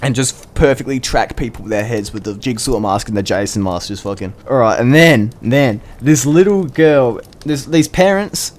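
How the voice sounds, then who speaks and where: A young man with an Australian accent, telling a story in a rambling, crude and excitable way. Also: mid-range voice, moderate pace, few pauses. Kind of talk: casual storytelling.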